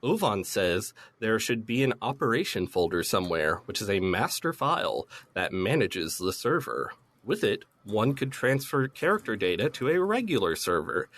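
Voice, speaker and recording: Chill guy summing up a game plot, middle pitch, swears a lot. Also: a bit bright. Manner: laid-back, swears, retells scenes with quick put-on quotes. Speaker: podcast host recapping a game. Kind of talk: casual chat.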